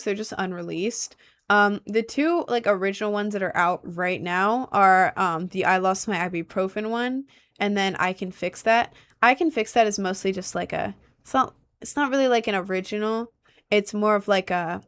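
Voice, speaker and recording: A young adult woman livestreaming, chatting casually and reading out viewer comments in a rambling way, going loud then mumbling. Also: mid-range voice. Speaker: livestreamer and musician.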